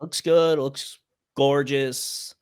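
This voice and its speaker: A man from Ireland talking in an animated, casual way on a podcast, full of fillers and quick impressions. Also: medium pitch, smooth, no echo. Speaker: podcast panelist. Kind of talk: casual chat.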